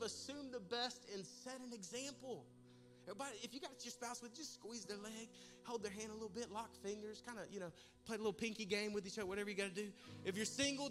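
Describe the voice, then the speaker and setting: High, bright-voiced pastor preaching. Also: male voice. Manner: animated, humorous storytelling, addresses the congregation directly. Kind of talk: sermon with a comic personal story. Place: church service in a large room.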